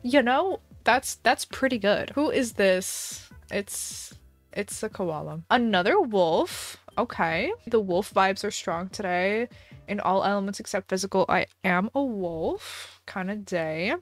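A woman streamer giving dramatic, excitable live commentary on her gameplay, talking to herself as she plays. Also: a little high.

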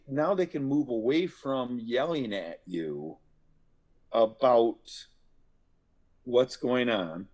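A middle-aged man, a guest author, explaining how to calm angry people in a casual interview and acting out examples. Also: mid-range voice, slow, pauses often. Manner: animated storyteller, acts out examples. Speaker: guest, author and workplace violence speaker. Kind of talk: conversational podcast interview.

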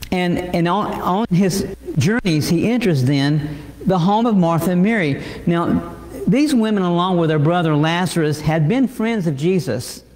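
A male pastor delivering a sermon, halting with many repeated words and fillers. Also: on the high side, a little mellow. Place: church sanctuary. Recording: echoey church hall.

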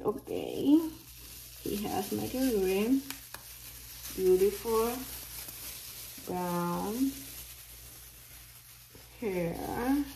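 Slow, gushing woman whispering in awe. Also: mid-range voice, vocal fry, a little hiss or hum. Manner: gushing, often dropping to an excited whisper. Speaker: reborn doll unboxing vlogger. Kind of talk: casual unboxing commentary.

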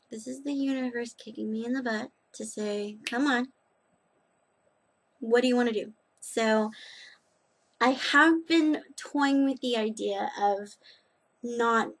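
A woman's voice: on the high side, breathy edge. A young woman vlogging in a rambling, chatty way, full of restarts and asides. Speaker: knitting and nails vlogger. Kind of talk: casual chat.

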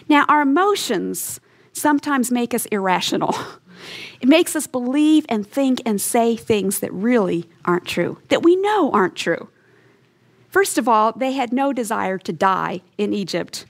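Woman preaching a bible lesson, earnest and emphatic, pitched a bit high. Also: expressive, a little slow, vocal fry. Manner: earnest, emphatic storytelling with quoted voices. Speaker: Bible teacher. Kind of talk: teaching sermon.

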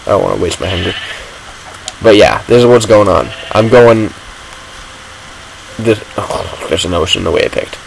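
A man's voice: on the low side, animated, moderate pace, vocal fry, pauses often, slight background noise, poor audio. A man giving rambling, self-mocking commentary while playing a video game. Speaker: gaming vlogger. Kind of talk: casual gameplay commentary.

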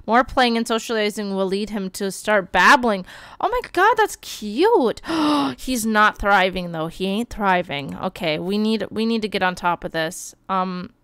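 Woman, game streamer, smooth clear voice, dry close sound, animated exclaiming. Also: medium pitch, dry recording. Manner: animated, bursts of exclaiming and quick read-outs. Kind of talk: live gameplay commentary.

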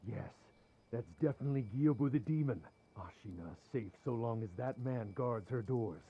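A gruff, husky castle guard. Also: male voice, mid-range voice, normal speed, narrow, tinny audio. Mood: uneasy. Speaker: game character. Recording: faint game audio from afar.

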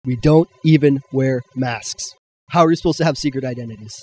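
A man's voice: mid-range voice, fairly quick, a little mellow, breathy edge, lightly acted. A teenage boy playing a boastful teen superhero in an amateur comedy sketch, cocky and teasing. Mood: mocking. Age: late teens. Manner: cocky, teasing, squeals when mimicking girls.

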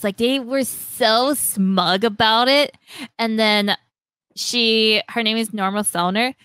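A young woman hosting a podcast, animatedly retelling a story, acting out lines in quick voices and laughing often. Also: on the high side, steady tone, a bit bright, smooth, dry recording. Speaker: podcast host. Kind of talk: casual chat retelling a story.

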